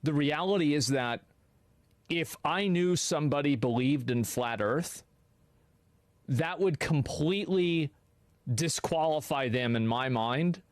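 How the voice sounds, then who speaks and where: A man giving opinion commentary, arguing in a measured, deliberate way. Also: fairly high pitch, no room sound.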